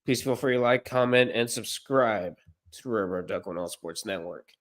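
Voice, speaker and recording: A man doing amateur play-by-play commentary on a livestream, unpolished and correcting himself, with deadpan asides. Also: lowish voice, moderate pace.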